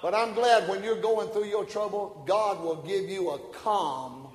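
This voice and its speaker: A man preaching a sermon, folksy and joking, swinging from quiet asides to shouted peaks. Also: sits high, unhurried. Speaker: pastor. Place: church sanctuary. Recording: echoey hall, church room.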